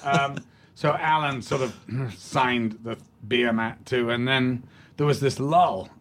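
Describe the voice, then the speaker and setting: A man's voice: medium pitch, takes it slowly, fairly bright tone, a little hiss or hum. An older man tells stories as an interview guest. His delivery is theatrical, with frequent restarts and trailing fillers. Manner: theatrical storytelling, hesitant restarts. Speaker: guest actor. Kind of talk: anecdotal interview talk.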